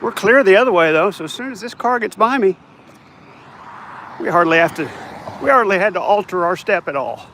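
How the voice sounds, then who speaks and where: A man chats to viewers as he walks down a neighborhood street, rambling along in a somewhat high voice. He sounds a bit tired. Faint traffic and passing cars hum behind him outdoors. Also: expressive, fairly quick, pauses often, fairly bright tone. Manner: rambling, chatty, talks to viewers while walking. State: tired, yawning. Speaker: vlogger. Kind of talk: casual walking vlog.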